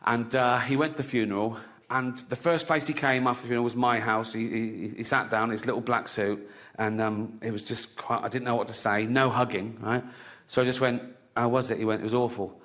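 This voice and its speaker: English comedian on a stage in a reverberant hall. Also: male voice, steady tone, fairly quick, fairly bright tone. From England. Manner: conversational, keeps adding "right?", bursts into high laughing voices. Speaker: stand-up comedian. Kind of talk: stand-up comedy. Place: large theatre stage. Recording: live hall with audience.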